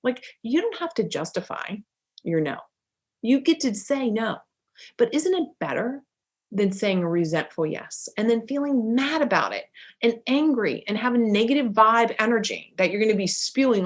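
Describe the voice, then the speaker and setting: Emphatic middle-aged woman life coach. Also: on the high side. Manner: emphatic and animated, acting out dialogue. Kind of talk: motivational talk.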